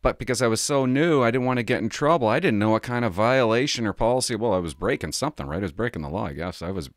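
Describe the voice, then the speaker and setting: A middle-aged man, a former police officer, telling a story from his work in a casual, animated way. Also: medium pitch, quick pace, no echo, clean studio sound. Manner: animated, acts out the people he quotes.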